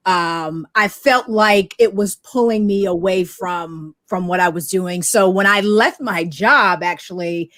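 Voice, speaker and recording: A middle-aged woman guest telling her career story in an animated way, acting out the voices in her anecdotes. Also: mid-range voice, unhurried, few pauses, no echo, studio quality. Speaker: guest, technology media expert. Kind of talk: storytelling interview talk.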